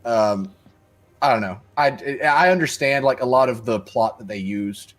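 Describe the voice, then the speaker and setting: A man's voice: mid-range voice, unhurried, a bit bright. A young man co-hosting a gaming livestream, talking casually, rambling with restarts and laughs.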